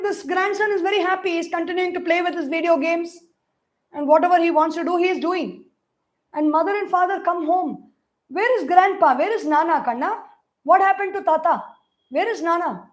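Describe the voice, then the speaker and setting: A woman with an Indian English accent giving a spiritual discourse, telling lively stories and chanting Sanskrit verses. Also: extremely high pitch. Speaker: spiritual teacher.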